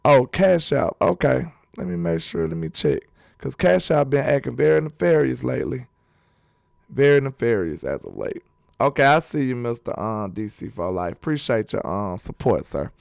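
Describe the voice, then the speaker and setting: Drawling man with a gravelly voice. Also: medium pitch, very animated, moderate pace, dry recording, studio quality. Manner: loose, drawling, reads chat comments aloud. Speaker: sports channel host. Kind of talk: casual live-stream chat.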